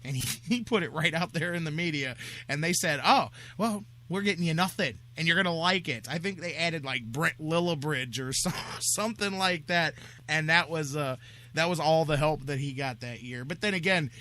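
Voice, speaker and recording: A man hosting sports talk radio with a fairly high, bright and forceful voice. He talks casually, jokes around and drifts into quick asides. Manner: chatty, joking, quick asides.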